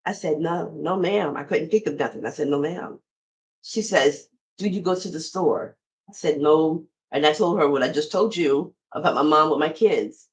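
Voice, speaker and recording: Here a middle-aged podcast host with a deep voice talks at a moderate pace, sharing a personal story and addressing her listeners directly in a conversational style. The recording sounds rough.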